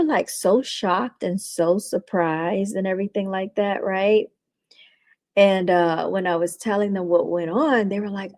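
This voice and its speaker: A woman's voice: mid-range voice, a little mellow, no room sound. A woman, a realtor, hosting a casual livestream, talking to her viewers as "y'all" and retelling conversations by acting out the other people's lines.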